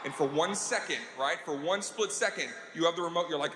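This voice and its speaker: A man doing a stand-up comedy routine in a live venue, telling stories animatedly with profanity and quick switches between voices. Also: on the high side, animated. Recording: roomy live room with crowd noise.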